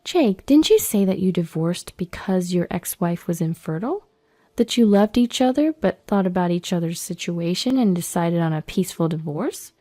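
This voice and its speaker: A woman's voice: on the low side, animated, moderate pace, mellow. A woman voicing a composed young woman who questions politely but pointedly. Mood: probing.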